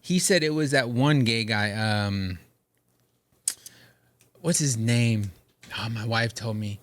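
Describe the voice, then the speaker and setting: A young man co-hosting a podcast, chatting casually and telling animated stories full of slang. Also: mid-range voice, slow, dry recording. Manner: animated storytelling, slangy, quotes others in put-on voices. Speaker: podcast co-host. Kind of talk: casual chat.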